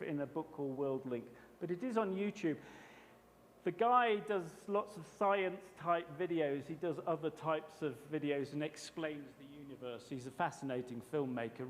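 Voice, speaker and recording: Man, high voice, teacher trainer, chatty workshop talk, long hall reverb. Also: slight background noise. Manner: chatty, explanatory. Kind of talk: workshop presentation.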